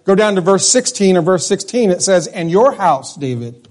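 Male pastor, high-pitched, folksy conversational sermon, lots of restarts. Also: animated, moderate pace, darkish tone.

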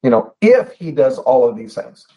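A man's voice: medium pitch, very animated, mellow. Earnest preaching man, slightly muffled. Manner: earnest, emphatic, repeats phrases and slows down for stress. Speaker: pastor. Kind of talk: sermon. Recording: slightly dull lo-fi sound.

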